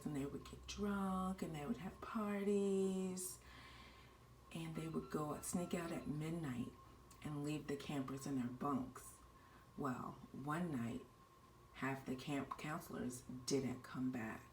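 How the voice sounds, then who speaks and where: A woman voicing a girl who tells a spooky campfire tale in a hushed, low, drawn-out voice. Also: reverberant, far from the mic, a little hiss or hum.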